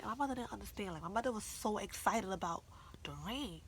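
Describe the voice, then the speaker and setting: A young woman telling a story in a casual vlog, animated, slangy and full of swearing. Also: mid-range voice, quick pace, a little hiss or hum. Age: young adult. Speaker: vlogger.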